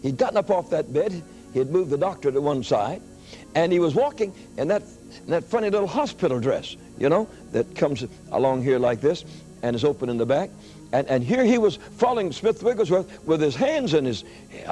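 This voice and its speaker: A male preacher tells a story from the pulpit, his pitch swinging widely as he gets caught up in it. His tone is mellow and unforced. Soft music plays faintly underneath. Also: brisk. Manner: animated, rising high when telling the story. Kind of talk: sermon storytelling.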